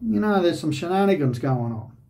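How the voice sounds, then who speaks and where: A man's voice: a little high, animated, brisk, a little mellow. An Australian man, host of a shaving channel, telling a personal story in a rambling, conversational way with lots of "you know".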